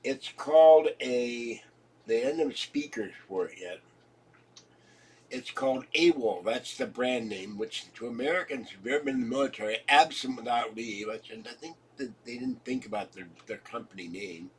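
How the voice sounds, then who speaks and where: A congested man with a husky voice rambles casually at home, chuckling at his own jokes and coughing now and then. He sits at a distance from the mic, so his voice sounds set back in the room. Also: medium pitch, normal speed. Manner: joking, chuckling, wandering from topic to topic. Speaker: vlogger.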